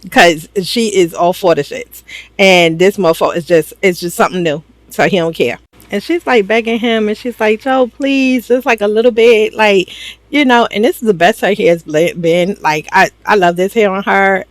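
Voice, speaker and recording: A woman's voice: mid-range voice, normal speed, dry recording. Slangy New woman recapping a show. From New York. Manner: animated, slangy, acts out characters' lines. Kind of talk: casual chat.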